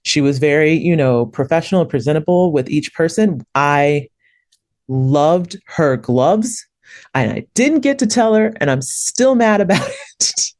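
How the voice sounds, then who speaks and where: A woman co-hosting a podcast, telling stories in casual chat with lots of laughter. Keep it animated and chatty, with the close, dry sound of her card. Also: sits low, a little slow, dry recording. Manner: animated storytelling with frequent laughter. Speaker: podcast co-host.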